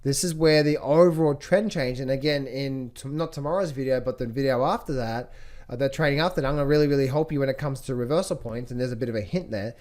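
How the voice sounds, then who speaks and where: A man's voice: medium pitch, fast. A man teaching trading as he walks through charts, repeating key phrases and asking rhetorical questions. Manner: repetitive, rhetorical questions, animated pointing out. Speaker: trading educator. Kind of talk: screen-share chart walkthrough.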